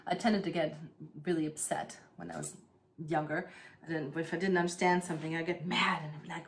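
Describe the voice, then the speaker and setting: A woman's voice: medium pitch, moderate pace, slight background noise. Chatty woman vlogging over plant chores. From East Germany. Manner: chatty, many fillers, laughs while telling stories. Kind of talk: casual chat while doing plant chores.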